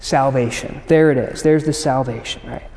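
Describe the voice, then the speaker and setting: A man's voice: a little high, normal speed, a little mellow, big-room sound, a little hiss or hum. A man preaching a sermon in a conversational way, often stumbling over repeated words and asking "right?". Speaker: pastor.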